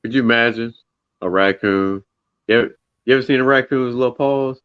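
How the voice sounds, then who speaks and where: A man's voice: medium pitch, a little fast, smooth, no echo, highs cut off. A man in a loose, laid-back chat who laughs easily and swears. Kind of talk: casual chat.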